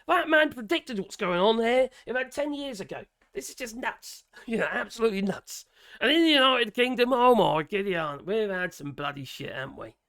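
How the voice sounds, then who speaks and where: A vlogger with a Norfolk accent rants his opinions to camera, swearing and giggling, his vocal cords audibly strained and worn. His voice is high-pitched and a bit bright. The audio is studio quality with no room sound.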